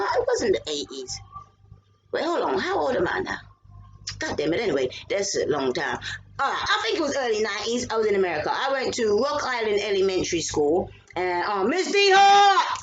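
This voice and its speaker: A woman's voice: medium pitch, lo-fi sound. A woman, chatting to camera in a casual, rambling vlog. She swears freely, wanders off topic and sounds a little tired. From England. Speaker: vlogger.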